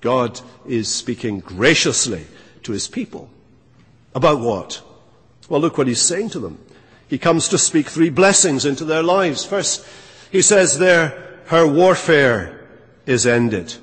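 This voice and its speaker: A man's voice: on the high side, lively intonation, slow pace, a bit bright, husky. A man preaching a sermon as a pastor, earnest and emphatic, repeating key phrases for weight. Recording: long reverb of a church hall.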